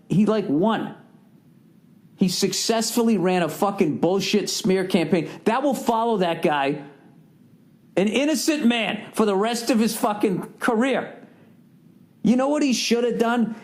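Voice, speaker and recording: A middle-aged man hosting a podcast, talking casually in a profane, worked-up rant. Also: high voice. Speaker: podcast host. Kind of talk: casual monologue.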